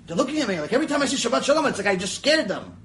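A man's voice: high voice, racing, a little hiss or hum, rough recording. A man teaching a Mussar lecture, telling stories, acting out the voices in them and wandering into chatty asides. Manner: animated, acts out the voices in his stories. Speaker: Torah teacher.

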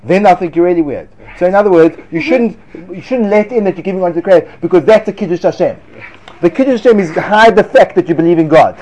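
A man giving a lively Torah class to students, sarcastic and quick to laugh at his own points. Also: high-pitched. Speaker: Torah teacher.

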